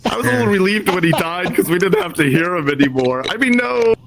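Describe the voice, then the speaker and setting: Middle-aged guy chatting in a discussion group, kinda high voice, rambly and thoughtful. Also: animated, fast, noisy background. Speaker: discussion host.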